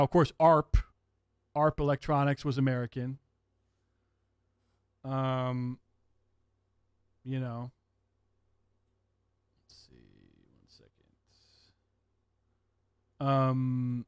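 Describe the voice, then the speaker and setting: A man hosting a livestream, chatting casually with viewers in an excitable, profane way and laughing often. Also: medium pitch, no echo, studio quality. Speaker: livestream host.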